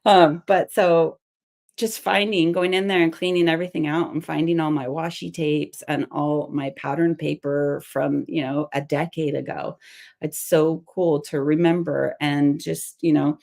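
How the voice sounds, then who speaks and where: Low gravelly-voiced woman chatting while crafting. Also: steady tone, measured pace, darkish tone. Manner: chatty and rambling, laughs often. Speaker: craft vlogger. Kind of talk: casual crafting tutorial chat.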